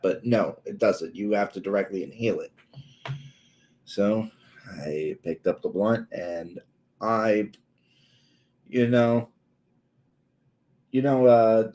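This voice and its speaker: A man in his twenties telling a story on a casual livestream, halting and full of pauses and filler words. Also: lowish voice, mellow, rough recording. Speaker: streamer.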